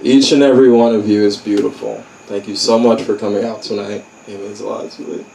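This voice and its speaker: A man's voice: lowish voice, little pitch movement, brisk, gravelly, warm tone, a little hiss or hum. A man in a small comedy club, casually and jokingly thanking the audience as a host of the show. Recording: echoey room, distant mic.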